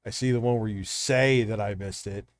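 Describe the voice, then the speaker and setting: A man's voice: fairly low pitch, fairly even intonation, normal speed, no echo, clean studio sound. A man hosting a live stream, chatting casually and rambling with heavy profanity as he talks straight to his chat.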